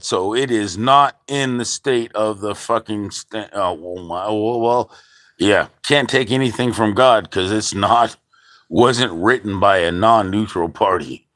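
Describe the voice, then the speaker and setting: A man's voice: on the low side, unhurried, a bit bright. A man who is a father, ranting angrily in a heavily profane monologue, often restarting his sentences. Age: adult father. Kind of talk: angry venting monologue.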